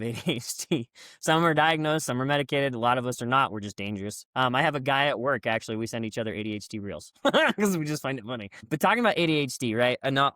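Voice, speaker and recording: A man speaking as a guest coach on a podcast, telling stories in a lively way and acting out quoted lines with a raised voice. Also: mid-range voice, no echo, clean studio sound. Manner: lively storyteller who acts out quotes with raised voice. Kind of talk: conversational podcast storytelling.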